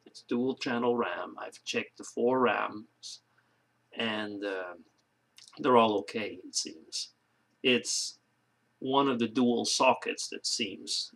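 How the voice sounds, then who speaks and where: A man's voice: medium pitch, creaky, fairly bright tone. A man chatting casually to his camera for a video blog, rambling through a joke with lots of fillers and restarts. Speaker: video blogger. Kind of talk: casual vlog chat.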